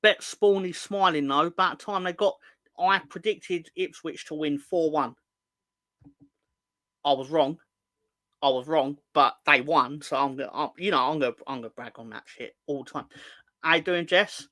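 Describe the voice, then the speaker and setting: A man's voice: on the high side, moderate pace, bright, forceful tone, no echo. A young man hosting a football fan livestream, chatting casually, joking and teasing viewers as he reads their comments. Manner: joking, rambling, teasing the chat. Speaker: football fan show host.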